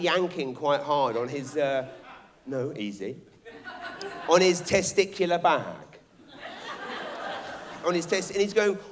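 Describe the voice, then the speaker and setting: A man's voice: on the high side, slight background noise. An English man performing live stand-up comedy on a theatre stage, telling brash, sweary stories with lots of energy. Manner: brash, swearing, animated storytelling.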